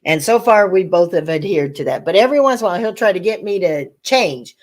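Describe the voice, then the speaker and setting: Older woman hosting a chat show, lively storyteller who acts out voices. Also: on the low side, quick pace, few pauses. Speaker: channel host. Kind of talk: casual chat.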